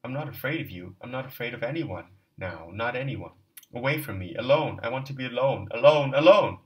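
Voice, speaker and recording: A man voicing a feverish young male student who trembles and breaks into sharp outbursts of rage. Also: lowish voice, normal speed, recorded from a distance, close to an everyday voice, low-quality recording. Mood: frenzied.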